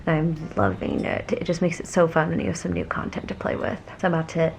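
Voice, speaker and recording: A young woman talking casually to camera in a home vlog, chatty and laughing often, her voice sometimes dropping to a soft murmur. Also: low-pitched, animated, fast talker, creaky, a little hiss or hum. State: teary from crying. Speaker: vlogger. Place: home, indoors.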